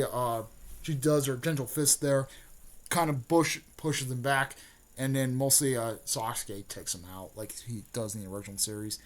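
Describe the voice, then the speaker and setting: A man's voice: mid-range voice, normal speed. A young man, a YouTuber, casually retelling a plot in a rambling way full of fillers and restarts.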